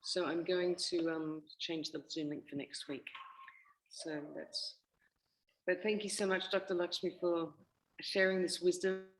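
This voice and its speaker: A woman's voice: lowish voice, steady tone, measured pace, slight background noise, poor audio. Hesitant woman hosting an online session. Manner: hesitant, thankful, many fillers. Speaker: session host. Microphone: video call.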